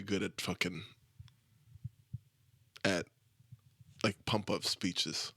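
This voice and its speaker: Young man, low voice, dry close sound, crude rambling podcast talk. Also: unhurried, pauses often, a bit bright, dry recording. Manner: crude, self-deprecating and rambling, with frequent swearing. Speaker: podcast host. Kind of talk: casual solo podcast monologue.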